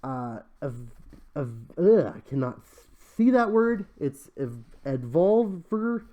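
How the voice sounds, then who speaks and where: A young male host with a fairly high voice that leaps all over the place. He rants in a casual, sarcastic, exasperated way, sighing and stumbling over restarts as he tears into what he is reading. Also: very animated, slow, highs cut off. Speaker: show host. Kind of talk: commentary on crowdfunding pitches.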